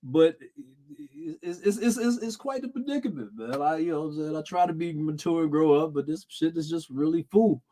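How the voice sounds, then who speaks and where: A man's voice: fairly high pitch, animated, brisk, warm tone. A man co-hosting a podcast, telling stories in casual slangy chat and laughing often. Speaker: podcast co-host.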